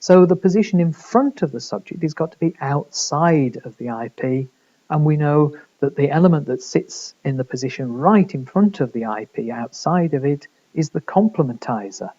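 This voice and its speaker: A man's voice: a little high, expressive, moderate pace, warm tone, lo-fi sound. A man giving a recorded university lecture, explaining step by step with rhetorical questions and the odd filler.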